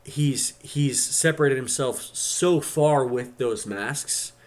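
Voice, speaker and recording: Analytical man in his thirties hosting a stream. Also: medium pitch. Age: 30s. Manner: analytical, halting with many restarts. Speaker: stream host. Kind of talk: casual livestream chat.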